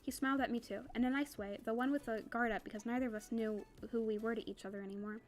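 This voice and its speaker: A young woman reads a novel aloud for her book club, her voice sitting on the higher side. She reads at a rapid clip and breaks off for casual asides. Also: fairly even intonation. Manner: quick reading with casual asides.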